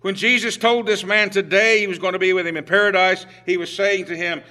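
A middle-aged man preaching a sermon in a conversational way, full of restarts, moving between hushed and emphatic delivery. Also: high voice, fairly even intonation, fairly quick.

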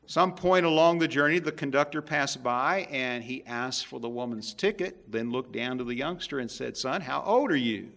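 A male preacher delivering a sermon, emphatic, swinging between loud stresses and hushed asides. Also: mid-range voice, moderate pace, creaky, hardly any pauses.

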